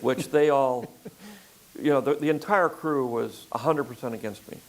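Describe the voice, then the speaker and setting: An older man filmmaker in a relaxed interview conversation, talking in a rambling way with frequent fillers and restarts. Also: medium pitch, moderate pace, low-quality recording. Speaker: filmmaker guest.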